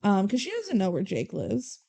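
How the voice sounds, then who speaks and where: A young adult woman co-hosting a podcast, retelling a movie plot in animated casual chat with swearing and acted-out quotes. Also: mid-range voice, normal speed, gravelly, breathy edge. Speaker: podcast co-host.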